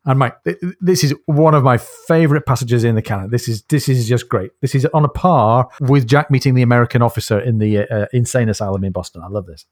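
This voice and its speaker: A man's voice: medium pitch, quick pace, hardly any pauses, no room sound, clean studio sound. A man co-hosting a casual book podcast, recounting the story with enthusiasm and frequent laughs. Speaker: podcast co-host.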